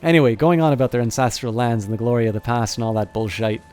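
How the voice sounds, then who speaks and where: A man's voice: mid-range voice, fast talker, a little mellow, faint music behind, close to an everyday voice. A man voicing a brash, wry former ranger turned mercenary, blunt and folksy, in a near-everyday voice.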